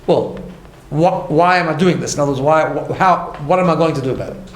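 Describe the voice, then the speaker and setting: A man's voice: fairly high pitch, a little fast. A man teaching an informal class as a rabbi, talking conversationally and emphatically, often restarting and checking in with "right?". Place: study hall. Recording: echoey room, faint background hum.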